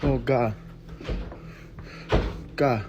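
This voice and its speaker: Scared man, hushed night vlog, mid-pitched, hiss-laden phone audio. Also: fairly even intonation, extremely slow. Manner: hushed, shaky, swearing under his breath. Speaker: vlogger filming at night. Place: home at night, indoors. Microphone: phone camera. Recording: noisy phone video recording.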